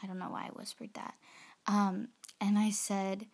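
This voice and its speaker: A woman's voice: medium pitch, flat delivery, normal speed. A young woman, chatting into her phone for a casual solo podcast, rambling and self-conscious, often dropping to a whisper. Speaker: podcast host.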